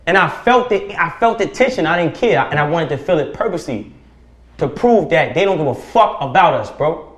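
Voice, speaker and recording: A man speaking as a podcast guest, preaching forcefully with profanity and rhetorical questions. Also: on the high side, expressive, a little fast. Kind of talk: impassioned podcast conversation. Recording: roomy echo.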